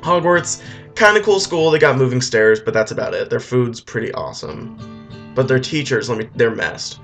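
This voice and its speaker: Offhand rambling male storyteller, loose comic retelling, soft music under. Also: mid-range voice, moderate pace, vocal fry. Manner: rambling, offhand, with filler restarts.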